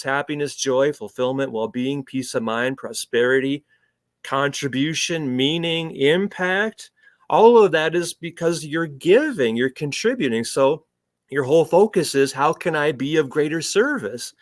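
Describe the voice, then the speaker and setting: A man's voice: fairly high pitch, no room sound, clean studio sound. A man talking as a spiritual coach in an interview, earnest and reflective, often restarting his sentences. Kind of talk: conversational podcast interview.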